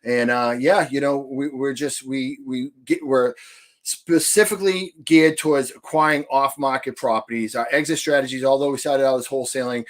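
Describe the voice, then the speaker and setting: A man's voice: medium pitch, steady tone, moderate pace. A man from New Hampshire with a thick Boston accent, talking at length as a podcast guest in a casual, rambling way. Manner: long-winded and rambling. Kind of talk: casual interview chat.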